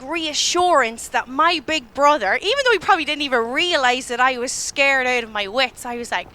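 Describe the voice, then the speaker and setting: A woman's voice: sits high, expressive, normal speed, bright, forceful tone. A young Irish woman in her twenties giving a church talk, telling a story in a chatty way and acting out her own panicked thoughts. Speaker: church speaker. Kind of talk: storytelling sermon.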